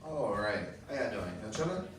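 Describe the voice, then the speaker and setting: A Puerto Rican man doing an open mic stand-up set, telling a story loosely with fillers and going higher when excited. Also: moderate pace, noisy background. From Puerto Rico. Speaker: stand-up comedian. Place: small comedy club, open mic. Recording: echoey room, far from the mic.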